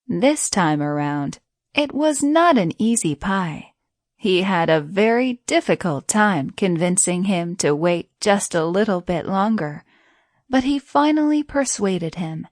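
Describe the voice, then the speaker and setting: Slow, gentle woman storyteller. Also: lowish voice, dry recording, studio quality. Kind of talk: scripted bedtime story narration.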